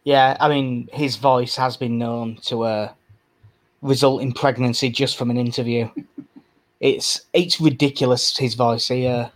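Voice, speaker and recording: A man with a mid-range voice chats about football on a podcast. He is relaxed and talkative, laughs easily and swears in passing. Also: medium pitch, unhurried. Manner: chatty, laughs often, swears casually. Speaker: podcast co-host. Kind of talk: casual football chat.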